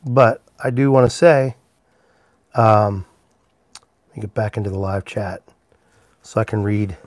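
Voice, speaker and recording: In a fairly low, unhurried voice, this man hosts a casual workshop livestream, rambling easily as he makes pipes and greeting viewers by name. There's no echo.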